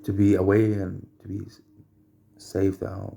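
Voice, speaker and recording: A man at home telling rambling personal anecdotes, halting and repeating phrases as he searches for words. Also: low voice, monotone, creaky, warm tone. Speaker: storyteller.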